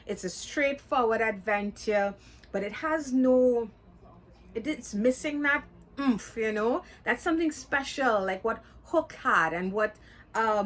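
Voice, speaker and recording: Chatty woman reviewing a movie. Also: fairly high pitch. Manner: chatty, candid, with filler words and restarts. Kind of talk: casual spoken review.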